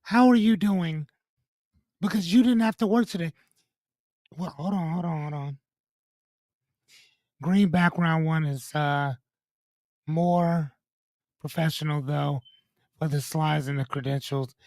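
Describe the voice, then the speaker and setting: A man's voice: fairly high pitch, fairly even intonation, measured pace, long pauses, a little mellow, dry recording, clean studio sound. A young man hosting a casual livestream, reading out viewers' names and joking, cursing and breaking off with "hold on". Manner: loose and joking, reads out chat names and comments; swears casually, breaks off with 'hold on'. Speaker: livestream host.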